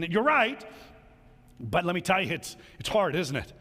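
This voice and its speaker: A man preaching a sermon in an animated way, acting out quarrels between people as he talks. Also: fairly high pitch, moderate pace. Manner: animated, acts out quarrels in little voices. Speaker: pastor. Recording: long hall reverb.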